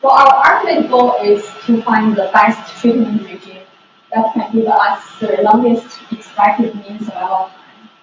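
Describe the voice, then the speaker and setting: A woman's voice: medium pitch, a little slow. Woman, academic talk, careful explanation, echoey hall, faint background noise. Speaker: researcher presenting. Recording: echoey room, distant dull mic, faint noise.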